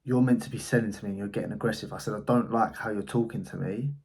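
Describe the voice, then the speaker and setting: A man's voice: on the low side, steady tone, quick pace, darkish tone. A man, an agency owner telling a story in a casual vlog, blunt and swearing freely. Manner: blunt, swears freely, recounts a frustrating call.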